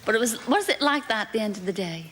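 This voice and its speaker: A woman hosting a game show before a studio audience, lively and teasing, laughing as she talks. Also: fairly high pitch, quick pace. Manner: bubbly, teasing, laughs while talking. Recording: loud noisy broadcast with crowd.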